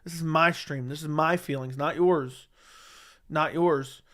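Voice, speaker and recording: On a home setup, a man runs a casual MMA livestream, reading viewer comments and answering them defensively and argumentatively, repeating his points. His voice is a little high and a bit bright, with fairly even intonation and an unhurried pace. He's recorded on a studio dynamic mic.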